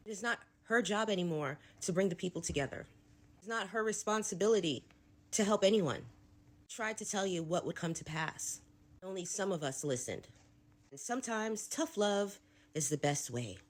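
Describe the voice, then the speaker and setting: Blunt woman with a lowish voice. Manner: blunt, firm. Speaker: commentary creator. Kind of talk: response commentary.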